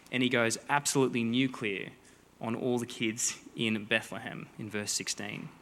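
Guy preaching a sermon, joking around and doing little voices, bright tone, big echoey hall. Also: mid-range voice. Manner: lively, joking storyteller voicing characters. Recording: long hall reverb.

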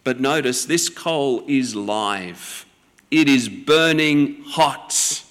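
A man preaching a sermon as the pastor, slow and deliberate, with measured pauses between phrases. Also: medium pitch, expressive, fairly bright tone, long reverb tail.

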